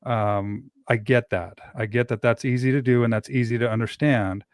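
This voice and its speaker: A man's voice: mid-range voice, fairly even intonation, moderate pace, no echo. Reflective man, dry close sound. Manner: reflective, thoughtful explaining. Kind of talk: casual podcast conversation.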